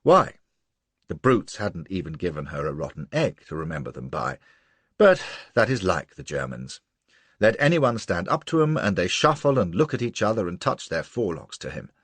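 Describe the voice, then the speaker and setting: A man's voice: sits low, big pitch swings, normal speed, slightly rough, dry recording. A man narrating a novel in the first person, with a brash, wry manner. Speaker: audiobook narrator.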